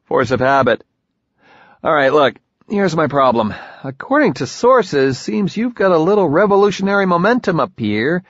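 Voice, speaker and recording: A man's voice: a little high, big pitch swings, normal speed, fairly bright tone, no echo, muffled recording, voice pushed up. A man voicing a pressing, wry male envoy agent in an audiobook, swearing freely. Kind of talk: audiobook character voice.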